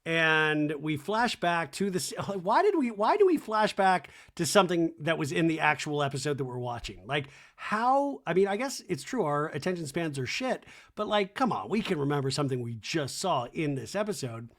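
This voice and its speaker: A man's voice: fairly high pitch, sing-song, normal speed, few pauses, fairly bright tone. A man hosting a casual recap podcast, chatty, sarcastic and profane. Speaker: podcast host recapping a reality show. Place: home in Los Angeles.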